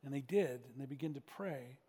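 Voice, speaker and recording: A man preaching as pastor, telling stories with frequent restarts and hushed dramatic drops. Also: medium pitch, a little fast, slightly rough, long reverb tail. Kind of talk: sermon.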